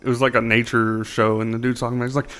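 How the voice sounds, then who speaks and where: A man's voice: medium pitch, little pitch movement, rapid-fire, fairly bright tone, clean tone. A man from the northern US chatting casually on a podcast, rambling with many fillers and swearing. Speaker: podcast co-host. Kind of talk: casual chat.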